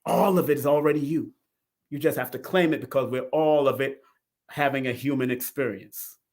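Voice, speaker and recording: A middle-aged man hosting a live numerology talk show, casual and animated, laughing often and swinging from loud bursts to soft asides. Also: medium pitch, normal speed.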